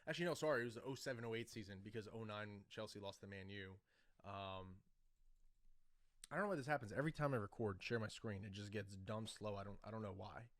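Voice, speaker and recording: Rambling man with a low, dry voice. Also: fast, a bit bright, no room sound. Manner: rambling, with many fillers and restarts. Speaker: podcast host. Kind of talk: casual solo commentary. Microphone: desk microphone.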